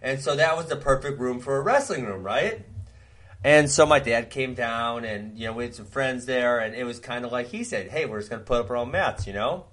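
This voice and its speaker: A man from Wisconsin co-hosts a podcast, spinning a long, rambling story with lots of animation and frequent laughter. His voice is medium in pitch and moves at a moderate pace through this casual storytelling chat.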